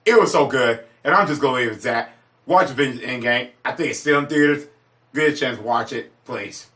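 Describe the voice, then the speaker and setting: Excitable man gushing over movies. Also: fairly quick, noisy background. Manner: excitable, gushing, repeats himself, sudden high-pitched exclamations. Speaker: movie reviewer. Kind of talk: casual movie ranking monologue.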